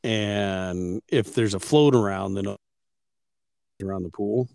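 A man's voice: on the low side, slow, gravelly, darkish tone, dry recording, studio quality. A man co-hosting a podcast, chatting casually and joking about his dogs, swearing freely and acting out what the dog and neighbors would say. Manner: joking, profane, acts out his dog and neighbors in funny voices. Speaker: podcast co-host. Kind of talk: casual chat.

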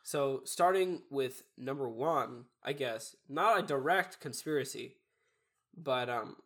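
A young man co-hosting a casual podcast, raspy and nasal from a cold, talking in an easygoing, rambling way. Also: mid-range voice, slow pace, fairly bright tone. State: congested from a cold or allergies. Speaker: podcast co-host. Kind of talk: casual chat.

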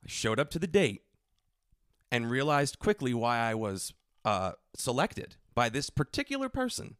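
A man co-hosting a podcast, telling a funny story in an animated way and slipping into put-on voices. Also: medium pitch, moderate pace, clean tone, no echo, studio quality. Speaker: podcast co-host. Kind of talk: comedic storytelling.

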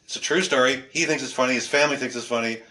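Male comedian guest, bright voice, animated storytelling, swears, laughs a lot. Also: medium pitch, racing. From Canada. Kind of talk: casual podcast chat.

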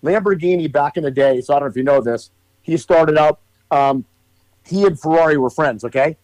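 A man's voice: fairly high pitch, brisk, a little mellow, no echo, low-quality recording. A man co-hosting a podcast in casual chat, explaining at length in a rambling way with fillers and some swearing. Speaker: podcast co-host.

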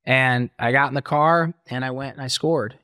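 A man's voice: medium pitch, steady tone, moderate pace, sharp tone, no echo, clean studio sound. A middle-aged man telling his story as an interview guest, acting out quoted voices as he talks.

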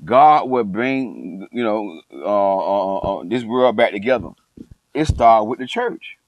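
An unhurried middle-aged coach and online commentator speaks in a lowish voice with lively intonation, giving a passionate, preachy monologue. He stresses points by repeating phrases and refers to himself as passionate. The low-quality recording has a little hiss or hum.

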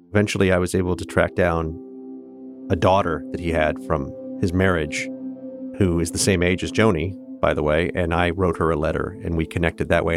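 A man in his fifties from Kansas, a guest telling his own story earnestly and reflectively, with hesitant restarts. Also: sits low. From Kansas, USA. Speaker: interview guest. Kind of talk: personal storytelling in conversation.

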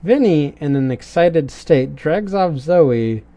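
An unhurried cartoon reviewer talks in casual commentary, the voice swinging up and down with lots of expression. The tone is soft and mellow, drifting into puzzled questions and dry little jokes. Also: medium pitch, lively intonation. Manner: rambling, puzzled, questioning asides.

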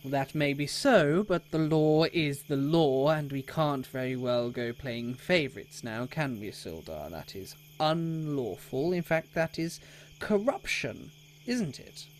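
A man's voice: fairly high pitch, expressive, takes it slowly, low-quality recording. Man doing a silky, scheming town official. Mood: smug, menacing. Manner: silky, condescending and veiled-threatening. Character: smooth, scheming middle-aged male town official.

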